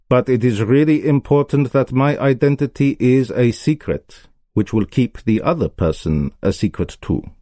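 A man's voice: mid-range voice, dark tone, no room sound, studio quality, pitched above the performer's own voice, natural voice. A man voicing a proud, anxious middle-aged king who speaks formally and urgently, in a storybook reading. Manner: formal, urgent, flustered when exposed.

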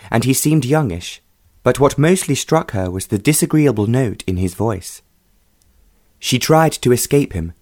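Brief: male audiobook narrator, measured and even, dry close recording. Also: medium pitch, no room sound.

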